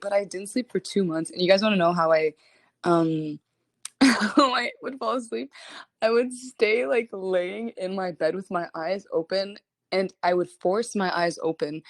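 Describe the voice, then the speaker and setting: A young adult woman telling a story to fans in casual livestream chat, animated and full of fillers, laughing often between phrases. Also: on the low side. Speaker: singer chatting with fans.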